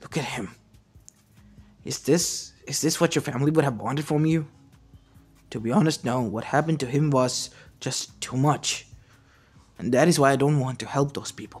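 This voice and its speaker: Man doing an earnest, remorseful scientist uncle, quiet and low-key, mid pitch, soft music behind. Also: slightly rough, close to an everyday voice. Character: guilt-ridden male scientist uncle, earnest and intense. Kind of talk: fan story narration. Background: faint lo-fi music.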